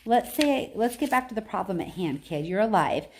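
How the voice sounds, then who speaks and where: A woman's voice: mid-range voice, expressive, moderate pace, a little hiss or hum, close to an everyday voice. A woman reading aloud, voicing a swaggering male war god who mocks and taunts a kid. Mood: taunting. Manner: sneering, taunting.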